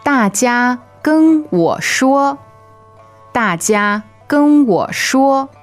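Woman co-host, Chinese native, slow careful phrases, faint music. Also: sits high, expressive. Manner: slow, careful model pronunciation. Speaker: podcast co-host. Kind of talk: language lesson podcast.

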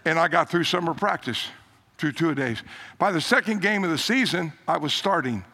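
An older man preaching a sermon, telling a story with emphatic rises and hushed low quotes. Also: normal speed. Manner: animated, emphatic, drops low for quoted lines.

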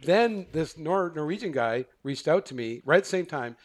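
A man's voice: on the high side, animated, moderate pace, crowd noise. A man, a therapist, telling a long personal story in a casual interview, rambling and correcting himself, acting out the dialogue he quotes. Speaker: guest, therapist.

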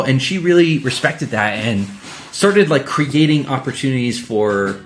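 A man's voice: medium pitch, animated, measured pace. A man hosting a casual conversation, reflecting on his own experience with many fillers and easy laughter. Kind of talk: casual chat.

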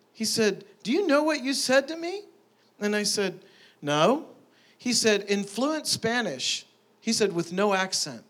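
A man preaching a sermon, telling stories in a lively way and building to emphatic peaks. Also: high voice. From Tulsa, Oklahoma. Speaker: pastor. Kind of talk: sermon with storytelling.

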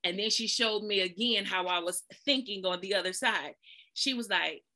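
A woman with a bright, ringing voice gives a casual spoken testimony. She tells a lively, folksy story and acts out the people in it with sudden jumps in pitch. She keeps turning to her listeners as if she were chatting with them. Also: moderate pace. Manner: folksy, addresses listeners as "y'all". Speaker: therapist sharing a testimony.

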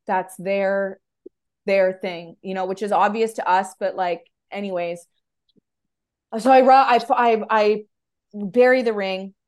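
A woman podcast host telling a spiritual story in casual, animated speech full of fillers. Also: mid-range voice, slow pace, smooth. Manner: animated, filler-heavy, emotional.

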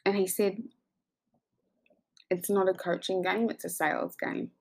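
A woman coach telling a personal story in an effusive, animated way, acting out the dialogue as she goes. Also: mid-range voice, unhurried, gravelly. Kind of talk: motivational storytelling monologue.

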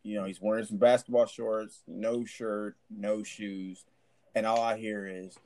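Man, army sergeant type, low voice, rambling profane storyteller. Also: level tone, unhurried, warm tone. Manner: rambling, profane, many restarts. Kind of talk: casual storytelling chat.

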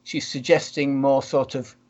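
A man in casual conversation, speculating out loud and working through ideas with frequent restarts. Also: mid-range voice, flat delivery, unhurried. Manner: speculative, thinking aloud with restarts. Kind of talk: casual chat. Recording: dull lo-fi sound.

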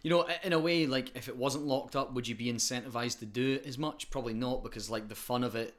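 A man's voice: medium pitch, fast. A young Scottish man co-hosting a football podcast, explaining points in casual chat. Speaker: podcast co-host.

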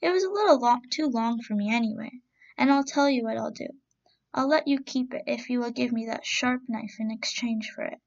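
A woman's voice: normal speed, creaky, distant mic. A woman doing a fretful little rabbit. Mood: cheerful. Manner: high, excited exclamations. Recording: dull lo-fi recording.

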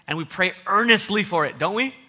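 A man preaching with passion, his voice bright and forceful and set a little high. He drives his points home with repeated phrases, swinging from loud, pressing peaks to quiet, low asides. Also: animated, a little fast. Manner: impassioned, emphatic repetition, voice swinging loud to soft. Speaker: pastor. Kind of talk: sermon.

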